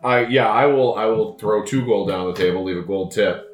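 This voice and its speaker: A man's voice: on the low side, fairly quick. A man playing a tabletop game, talking casually and laughing often. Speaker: player. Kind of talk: casual in-character game chat. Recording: roomy room with faint music.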